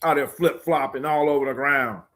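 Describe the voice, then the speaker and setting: A man's voice: fairly high pitch, normal speed. Joking sports livestream host, man. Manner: loose, joking, animated bursts. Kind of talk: casual chat reading live comments.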